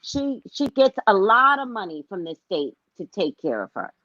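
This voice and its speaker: With a mid-range voice at normal speed, a special education teacher chats casually and tells a story, animatedly voicing the people she quotes and repeating phrases for emphasis. The recording is dull, lo-fi, and dry, without echo.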